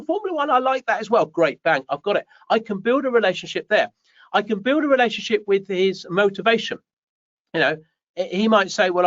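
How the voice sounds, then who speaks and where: A man co-hosting a live show, reading out viewer comments and joking with them in a teasing, animated way. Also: high voice. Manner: jokey, teasing, animated storytelling. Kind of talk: casual live show chat. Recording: dull, dry lo-fi stream audio.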